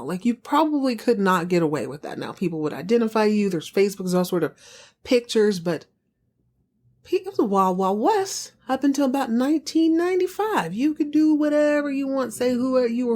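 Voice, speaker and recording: Lady gabbing through a tv recap, lively asides, acting out bits. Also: fairly low pitch. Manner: chatty, animated retelling with acted quotes and asides. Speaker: podcast host recapping a TV drama. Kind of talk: casual chat recap.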